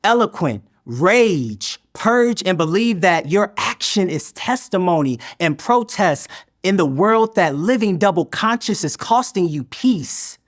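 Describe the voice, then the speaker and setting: A man performing spoken word poetry in a slow, measured, deliberate recitation. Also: high-pitched, expressive.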